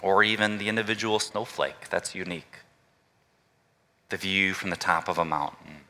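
A male pastor preaching a relaxed, conversational sermon and inviting the congregation to call out answers. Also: low voice, moderate pace, long reverb tail. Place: church sanctuary.

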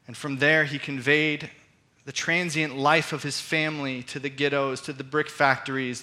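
Pastor guy preaching, bright kinda forceful voice, earnest storyteller vibe. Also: medium pitch. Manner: earnest, reflective storyteller who slows down for emphasis. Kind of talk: sermon.

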